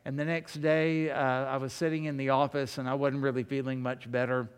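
A male pastor preaching a sermon in a slow, deliberate, conversational way, telling personal stories in a church. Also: medium pitch, level tone, smooth. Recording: long hall reverb.

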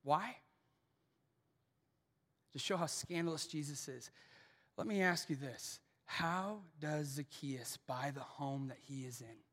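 A man preaching a sermon as pastor in a church, swinging from hushed lines to shouted peaks. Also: on the high side, takes it slowly, pauses often, in a large hall. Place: church auditorium.

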